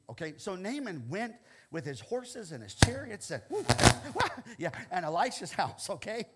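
An older man preaching a sermon as pastor, animated and often checking in with "okay?". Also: high voice, normal speed, slight background noise. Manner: animated, repeats "okay?" often, laughs between lines.

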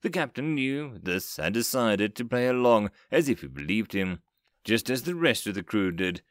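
Male audiobook narrator: expressive, lively pitch, dry booth sound. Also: moderate pace, dry recording. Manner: expressive storytelling.

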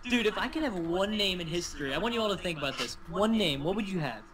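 A man's voice: high-pitched, animated, quick pace, crowd noise. A young man co-hosting a casual podcast over a call, teasing and joking with his friends. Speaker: podcast co-host. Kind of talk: casual chat. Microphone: video call.

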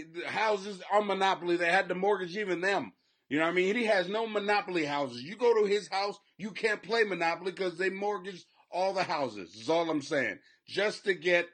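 Brief: male comic podcast host, bright edgy tone, crude rambling commentary, sudden loud bursts. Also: high voice. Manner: profane, rambling, loud swings in volume.

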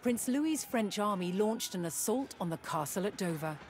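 A woman's voice: mid-range voice, expressive, darkish tone, a little hiss or hum, lightly acted. A woman voicing a solemn documentary game narrator. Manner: measured, solemn storytelling. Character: grave female history documentary narrator. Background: clear game score music.

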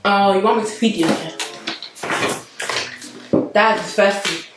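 A woman's voice: mid-range voice, measured pace, far from the mic. A young woman filming a prank vlog with her dad, talking in a playful, pleading, giggly way. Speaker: family channel vlogger. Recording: echoey room, off-mic, music underneath.

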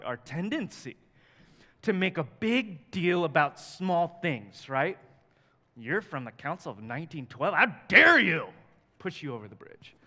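Bright-voiced male pastor in a hall. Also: on the high side. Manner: conversational, joking, emphatic. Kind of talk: sermon. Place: church hall. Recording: long hall reverb.

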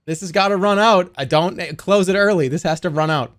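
A man with a high-pitched, fairly bright voice livestreams at a brisk pace. He chats casually and sarcastically, joking and addressing his viewers directly.

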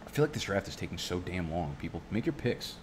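Low-voiced profane rambling man. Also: very animated, fast talker, background noise. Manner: profane, rambling, goes off on tangents. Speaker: fantasy football youtuber. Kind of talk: casual live-stream commentary. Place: home studio.

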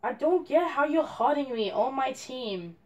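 A woman's voice: sits high, lively intonation, a little slow, darkish tone. A young woman commenting on her gameplay, frustrated and complaining at a teammate. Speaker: gamer.

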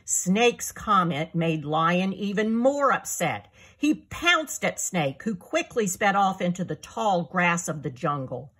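Author reading her kids' book aloud: slow, animated, breathy woman. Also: lowish voice. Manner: slow, expressive storytelling. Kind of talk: storybook read-aloud for young children.

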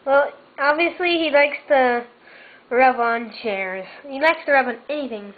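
A woman's voice: high-pitched, a little slow. A woman filming her cat at home, coaxing it and calling it in a meowing baby voice. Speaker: vlogger. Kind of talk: casual home video talking to a cat. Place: at home indoors. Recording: tinny lo-fi camera audio with faint hiss.

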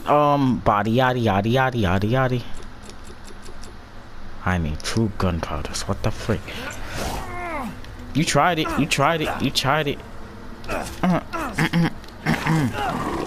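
Excitable man yelling over a noisy game. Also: medium pitch, unhurried. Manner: loud excitable reactions, yelling at enemies; slangy, repetitive taunting. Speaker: gaming channel host. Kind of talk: casual gameplay commentary.

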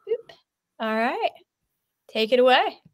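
A woman's voice: high voice, very animated, slow, no room sound. Bubbly woman hosting an online event. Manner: bubbly, enthusiastic. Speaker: host.

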